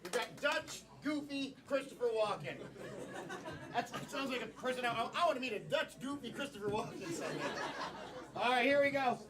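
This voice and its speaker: A man hosts a live improv comedy show in a small theater and calls out to the audience for suggestions, staying upbeat the whole time. His voice sits very high. He is heard from a distance, with a crowd laughing around him. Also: animated, fairly quick. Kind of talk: live emcee patter.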